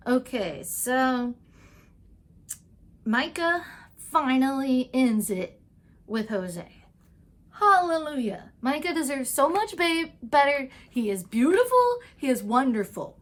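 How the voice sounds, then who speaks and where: Woman vlogger doing a tv recap, kinda high voice, rambly and excited, does little voices for the characters. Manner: chatty and gushing, full of "like" and "um"; acts out characters' lines in quick asides. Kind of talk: casual TV episode recap.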